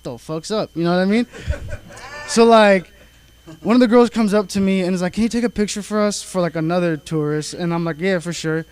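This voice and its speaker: A man's voice: sits high, brisk, darkish tone. A 19-year-old man doing an open mic stand-up set, telling a story casually with lots of fillers and swearing. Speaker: stand-up comedian. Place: comedy club stage. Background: audience laughter.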